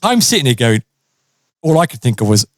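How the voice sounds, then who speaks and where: A man's voice: mid-range voice, brisk, no room sound, clean studio sound. A man casually telling a funny story on a podcast, acting out the people in it and laughing often. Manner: animated, lively, acts out quotes and laughs often.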